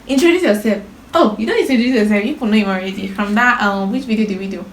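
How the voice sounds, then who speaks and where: A woman's voice: mid-range voice, fast talker, slight background noise. A woman hosting her own video channel, chatting casually and teasing her brother as she interviews him. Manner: playful, teasing. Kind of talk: casual chat to camera. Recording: echoey room.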